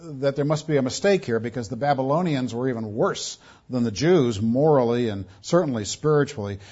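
A male pastor preaching a sermon, measured and emphatic, with dramatic pauses on key words. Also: mid-range voice, darkish tone, dull audio.

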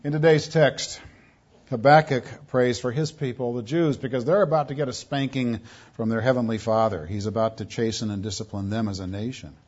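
A male pastor preaching a sermon, measured and emphatic, with dramatic pauses on key words. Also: mid-range voice, steady tone, a little mellow, muffled recording.

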